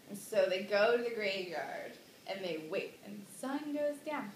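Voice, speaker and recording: A woman's voice: medium pitch, expressive, a little slow, reverberant, slight background noise. A woman telling a classic story in a rambling, giggly way, with sudden dramatic outbursts. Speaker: drunk storyteller. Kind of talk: tipsy comic retelling of a classic play.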